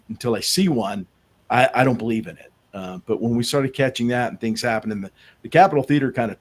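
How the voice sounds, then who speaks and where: A man who investigates the paranormal, telling rambling anecdotes in a casual podcast chat, with many restarts. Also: medium pitch. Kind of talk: casual storytelling in a podcast interview.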